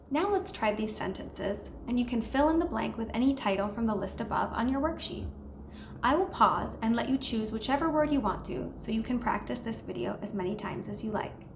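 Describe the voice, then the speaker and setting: A woman giving a slow, patient beginner language lesson, modeling each word and encouraging listeners to repeat after her. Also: on the high side, lively intonation, a little hiss or hum. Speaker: language teacher. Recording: echoey room with faint ambience.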